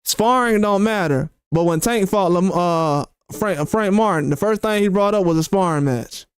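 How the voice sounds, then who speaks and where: A man's voice: sits high, moderate pace, clean tone, no echo, studio quality. A man hosting boxing commentary, talking heatedly and repeating rhetorical questions.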